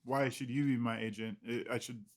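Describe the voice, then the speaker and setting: A man's voice: mid-range voice, steady tone, brisk. A man, an illustrator guest in an interview, talking casually in a rambling, self-deprecating way with frequent laughs.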